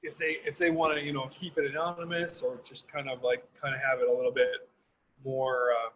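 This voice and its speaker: With a medium-pitched, slightly bright voice and a level tone, this guest horn player speaks a little fast, offering reflective, rambling answers on a video call peppered with "you know" and "like." The rough recording has slight background noise.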